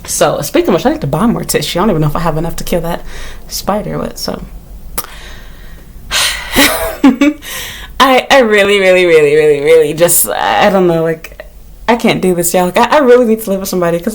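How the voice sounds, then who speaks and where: A woman talking casually to her vlog audience from her small apartment, rambling with lots of "like" and cursing freely. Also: fairly quick. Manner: animated, rambling, heavy use of "like", swears freely; shrieks and jumps high when retelling her panic. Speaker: vlogger.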